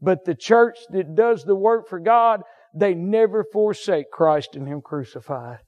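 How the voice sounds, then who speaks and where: Male pastor, high-pitched, fervent sermon delivery, muffled recording. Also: expressive, measured pace. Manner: fervent preaching with sudden high shouts and soft drops.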